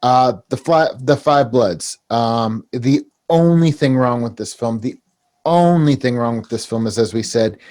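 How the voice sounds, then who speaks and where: A man's voice: medium pitch, measured pace, darkish tone. A man co-hosting a casual podcast about films, giving his views in a discursive way with hesitant fillers. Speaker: podcast co-host. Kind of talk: casual chat.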